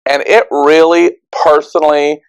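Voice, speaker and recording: A man's voice: fairly high pitch, flat delivery, a little slow, vocal fry, clean tone, rough recording. A man hosting an interview, asking questions and reflecting on his own experiences. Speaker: host. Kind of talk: conversational interview.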